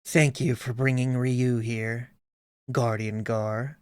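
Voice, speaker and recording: A man reading aloud the lines of a calm, commanding female goddess from a video game, in a lowered, solemn voice. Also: takes it slowly, clean tone, dry recording, studio quality, lightly acted.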